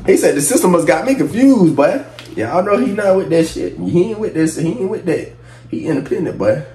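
A man's voice: high voice, very animated, brisk, mellow, reverberant. A man hosting a music reaction video, hyped and laughing, talking in slangy bursts as he reacts. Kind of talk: excited music reaction commentary.

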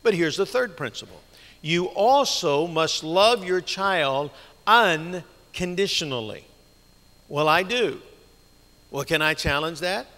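A man's voice: a little high, lively intonation, slow pace, sharp tone. A man preaching a sermon as a guest speaker, telling stories earnestly and asking the congregation rhetorical questions. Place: church sanctuary. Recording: long church reverb.

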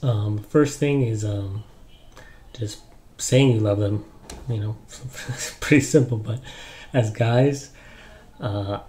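A young man giving casual relationship advice in a relaxed, rambling way, with lots of ums and you-knows. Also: lowish voice, takes it slowly, pauses often, slight background noise. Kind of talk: casual advice talk to camera.

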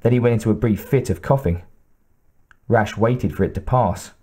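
Low mellow male audiobook narrator. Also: moderate pace, breathy edge. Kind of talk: scripted narration.

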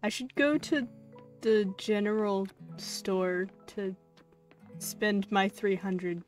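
A woman streamer chatting casually while she plays a game, easily excited, cooing at characters and now and then swearing. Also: mid-range voice, slow pace. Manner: excitable, gasps and coos, swears lightly. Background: faint game music.

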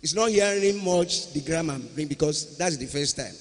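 A man with a Nigerian accent, a pastor presenting a testimony to a congregation in a slow, patient, coaxing way. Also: fairly high pitch. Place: large church convention hall. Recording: echoey hall with long reverb.

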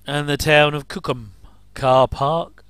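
A man's voice: fairly high pitch, steady tone, slow, a bit bright, smooth, no room sound. A man giving a casual, rambling commentary over an old TV episode, with frequent chuckling asides.

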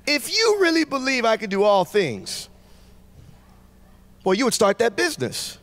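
A man preaches in a church sanctuary with a high voice that leaps all over. He is fervent and shouts his declarations to the congregation. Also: sing-song, measured pace. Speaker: guest pastor. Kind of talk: sermon.

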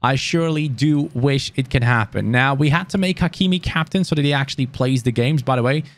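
A gaming YouTuber, a man commentating his own football game, casual and chatty, yelling when his team scores. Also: medium pitch, brisk. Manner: excitable, yelling at goals. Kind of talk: live gameplay commentary.

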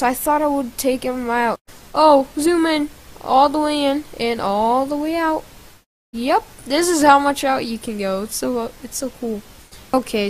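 Excitable high-voiced woman gaming. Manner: excitable, loud exclamations. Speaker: gaming channel host. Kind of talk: casual gameplay commentary.

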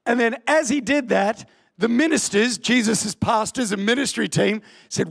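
A man preaching an impassioned sermon in church, often bursting into shouts. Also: extremely high pitch, moderate pace, gravelly. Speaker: pastor. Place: church hall.

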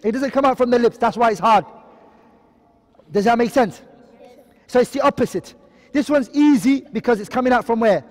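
High-voiced male tajweed teacher quizzing. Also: a little mellow, big-room sound. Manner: quizzing, asks and answers his own questions; recites Arabic terms quickly, then explains in English. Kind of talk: online lesson.

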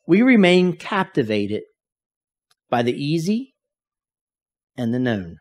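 Guy preaching sunday sermon, kinda high voice, tells stories, gets loud then quiet. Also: sing-song, slow pace. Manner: storytelling, varies loudness for emphasis. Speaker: pastor.

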